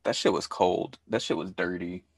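A man's voice: low-pitched, steady tone, moderate pace, creaky, dry recording, studio quality. A man co-hosting a podcast, chatting loosely and jokingly and swearing freely. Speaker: podcast co-host. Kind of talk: casual chat.

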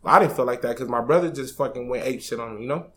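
A man's voice: medium pitch, rapid-fire. A man in his twenties on a podcast, candidly telling a personal story in a casual, slangy way, swearing freely and getting emotional. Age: 20s.

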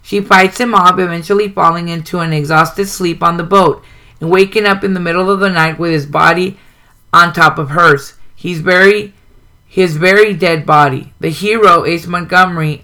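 A man reads a writing guide aloud on his own show and stops now and then for a short aside. His voice is bright and a little high. He pauses with an occasional um. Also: steady tone. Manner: plain reading with occasional ums and asides. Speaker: host reading a writing guide. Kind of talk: reading a book aloud with comments.

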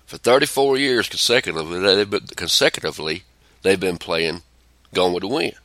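A middle-aged man with a drawl chats casually on a podcast, his low voice carrying a bright, forceful edge. He is blunt and profane and rambles from story to story. The sound is close and dry. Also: animated, brisk, no room sound. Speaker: podcast co-host. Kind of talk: casual chat.

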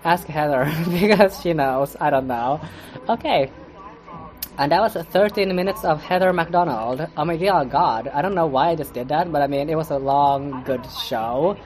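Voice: mid-range voice, moderate pace, a little mellow, a little hiss or hum. Sarcastic, foul-mouthed podcast reviewer. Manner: sarcastic and profane; rambling with stammers and restarts. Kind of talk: casual commentary monologue.

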